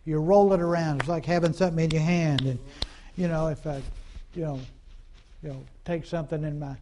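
A man's voice: fairly high pitch, a little mellow, a little hiss or hum. A man preaching a conversational sermon in a folksy, repetitive way, full of fillers and call-and-response asides.

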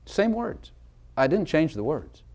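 A man's voice: a little high, big pitch swings, unhurried, a little mellow. Guy preaching in church, punchy delivery, keeps quizzing the people in the pews. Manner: emphatic, asks the congregation questions directly. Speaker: pastor. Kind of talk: sermon.

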